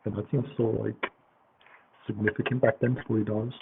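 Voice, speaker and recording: Rambling loosely through a story, a man leans on lots of fillers and curse words. His lowish voice barely moves in pitch, has some vocal fry, and runs a little fast; the recording is tinny like a phone, with a faint hiss.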